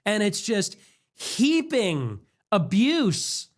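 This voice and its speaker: A man voicing a prim, indignant woman who scolds and pleads in a drawn-out way, set back from the mic. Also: high voice, huge pitch swings, voice pushed up, exaggerated voice. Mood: scolding.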